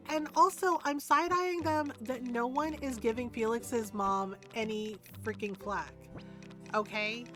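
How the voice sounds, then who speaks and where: A woman with a fairly high voice talks through a game stream in a loose, chatty way, leaning on sarcasm and tossing in "like" and "right?" constantly. Soft game music plays faintly underneath. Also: unhurried. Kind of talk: casual game-stream commentary.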